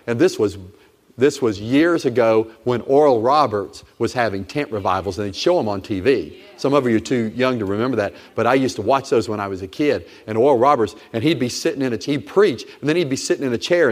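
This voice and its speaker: A middle-aged man preaching a sermon as pastor, emphatic and repetitive, exhorting his congregation. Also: medium pitch. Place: church sanctuary. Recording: long reverb of a church hall.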